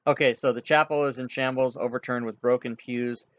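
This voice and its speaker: Man running a tabletop game, halting, muffled lo-fi audio, mid pitch. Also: fairly even intonation. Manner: halting, filler-heavy, chuckles at players. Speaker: game master.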